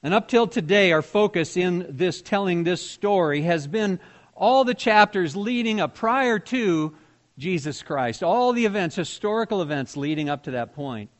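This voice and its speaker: A man preaching to his congregation in a conversational way. His voice sits a little high for a man. He keeps asking the people in front of him questions. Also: expressive, moderate pace. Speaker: pastor. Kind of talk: sermon.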